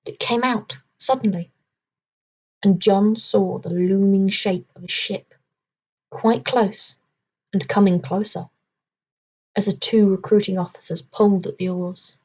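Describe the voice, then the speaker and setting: A woman narrating a children's adventure novel in a steady, measured reading voice. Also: mid-range voice. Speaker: audiobook reader. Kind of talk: storybook narration.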